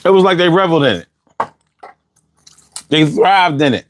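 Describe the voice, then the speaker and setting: A man's voice: fairly high pitch, normal speed, slight background noise. A man hosting a casual livestream, reading out chat comments in a loose, slangy way and laughing often, a little bothered by allergies.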